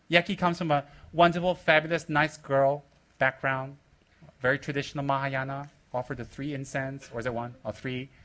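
Bright-voiced teasing male teacher. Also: a little high. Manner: joking and playfully rude, laughing often, bursts of loud excitement; coaxing, asks the room questions. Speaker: spiritual teacher addressing his students. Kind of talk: teasing, rambling talk to a group.

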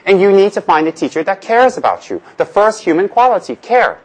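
A man's voice: high voice, big pitch swings, a little fast, poor audio. Male Buddhist teacher from Tibet, casual humorous talk, asks and answers his own questions. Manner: humorous, rhetorical questions, repeats phrases.

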